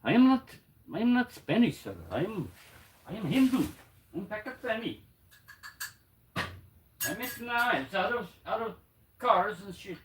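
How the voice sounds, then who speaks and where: A man's voice: high voice, sing-song, a little slow, long pauses, reverberant, distant mic, slight background noise, voice pushed up, low-quality recording. A man putting on the voice of an offended male shop owner, protesting insistently. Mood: indignant.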